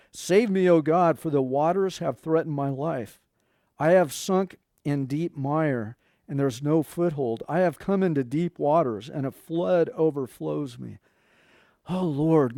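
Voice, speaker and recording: A man's voice: on the high side, dark tone, no room sound, clean studio sound. Conversational male pastor preaching. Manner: conversational preaching, quoting scripture. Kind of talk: sermon.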